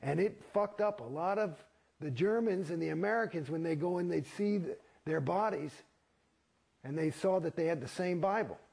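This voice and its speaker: A man's voice: on the high side, normal speed, vocal fry, a little mellow, husky. A man, an actor, talking bluntly and profanely in a candid interview, ranting with wry sarcasm.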